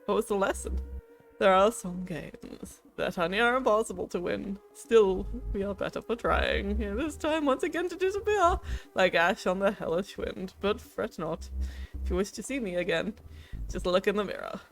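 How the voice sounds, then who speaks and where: A woman's voice: mid-range voice, lively intonation, moderate pace, natural voice. A woman voicing a pompous, theatrical old male ghoul in a game, speaking in a solemn, grandiose way.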